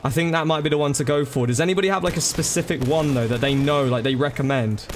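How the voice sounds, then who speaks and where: A man's voice: on the high side, quick pace, a little hiss or hum. A man chatting casually to viewers during a live gaming stream, thanking them by name and calling them bro and dude.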